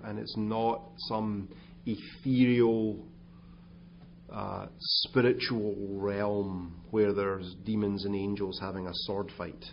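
A man's voice: lowish voice, lo-fi sound, a little hiss or hum. A man giving a conversational sermon as pastor, with asides and restarts. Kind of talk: sermon talk.

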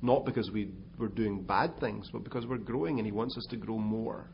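Guy pastor preaching, gravelly low voice, talks loose with asides, faint hum, kinda muffled. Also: fairly quick. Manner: conversational, with asides and restarts. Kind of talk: sermon talk.

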